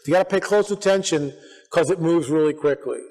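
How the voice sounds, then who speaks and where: Conference speaker in a church, lively storyteller, higher voice, echoey hall. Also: male voice, brisk. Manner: animated, acts out quotes, restarts often. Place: church sanctuary.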